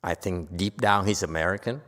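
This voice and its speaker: A man's voice: deep voice, normal speed, fairly bright tone. A man giving a Buddhist dharma lecture in a temple hall, talking to the audience in a teasing, conversational way and asking them questions. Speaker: Buddhist teacher.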